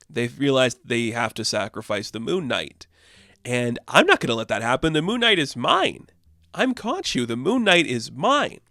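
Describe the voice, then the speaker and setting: A man's voice: mid-range voice, fairly bright tone, smooth, no echo, clean studio sound. A man chatting casually and enthusiastically as a comic book reviewer, rambling with many fillers.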